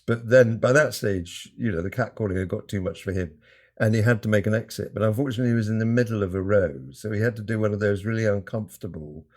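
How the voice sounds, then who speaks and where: Deep husky man telling a story. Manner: animated, acts out quoted lines with mock indignation. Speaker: podcast guest. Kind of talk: conversational storytelling.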